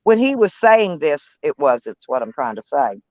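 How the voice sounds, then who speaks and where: A woman's voice: sits low, sing-song, moderate pace, darkish tone, no echo. A woman, chatting casually and rambling on a live stream. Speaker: van life live streamer. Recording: dull, dry lo-fi sound.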